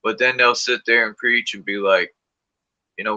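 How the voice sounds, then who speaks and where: A man's voice: on the low side, fairly even intonation, moderate pace, bright, forceful tone. A man hosting a casual livestream, telling stories and acting out quotes from people with sudden jumps in his voice. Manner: storytelling, acts out quotes with big voice jumps, swears. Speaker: livestream host. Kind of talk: casual chat. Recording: muffled livestream audio.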